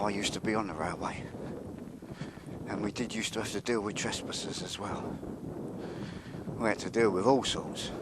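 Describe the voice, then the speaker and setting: A man vlogging on a walk by a railway yard, chatty and wry, sometimes dropping to a mutter. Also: fairly low pitch. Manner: chatty, wry, drops to a mutter when sneaking. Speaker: vlogger walking and filming. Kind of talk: casual walking commentary. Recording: noisy outdoor recording.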